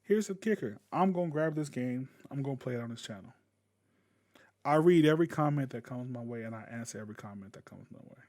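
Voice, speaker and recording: A man's voice: mid-range voice, animated, quick pace, a little mellow. Blunt, profane man ranting. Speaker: gaming YouTuber. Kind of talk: casual rant to camera.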